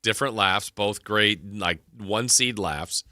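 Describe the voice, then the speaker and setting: A man hosting a sports radio show, chatting casually and trailing off in a relaxed, rambling way. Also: on the low side, takes it slowly, no echo, studio quality. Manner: rambling, laid-back, trailing off. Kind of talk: casual chat and show segue.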